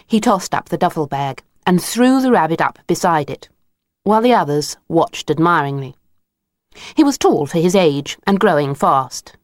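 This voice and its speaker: A woman narrating a children's storybook, expressive and unhurried. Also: on the low side, no echo, studio quality.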